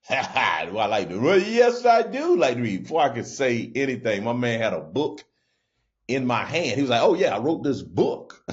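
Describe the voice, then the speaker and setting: Animated man telling road stories. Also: highs cut off. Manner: animated, jumps into high voices for quoted people, frequent restarts. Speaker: comedian and podcast host. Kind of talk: casual storytelling monologue.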